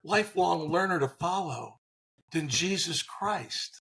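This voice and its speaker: A man in his sixties, a former baseball manager, telling lively stories as an interview guest and acting out what people said. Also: fairly high pitch, takes it slowly. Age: 60s. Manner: animated, acts out quotes in voices. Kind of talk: storytelling in a faith interview.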